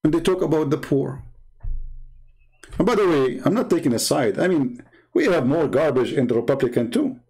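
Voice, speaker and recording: A man's voice: a little high, animated, normal speed, darkish tone, breathy edge, low-quality recording. A man hosting a live broadcast, ranting about politics in a blunt, mocking way with broken non-native grammar. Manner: mocking, blunt, name-calling. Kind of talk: political rant on a live stream.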